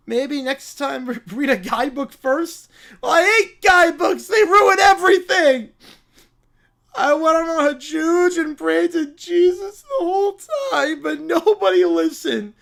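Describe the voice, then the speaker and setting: A woman voicing a stubborn, whiny four-year-old boy who shouts his complaints. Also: very high voice, vocal fry, heavily acted.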